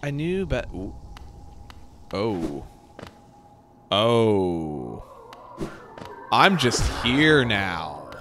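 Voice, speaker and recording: A man hosting a let's play, commentating his gameplay in an excitable, self-mocking way. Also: lowish voice, extremely slow, long pauses, background noise. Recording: game music behind the voice.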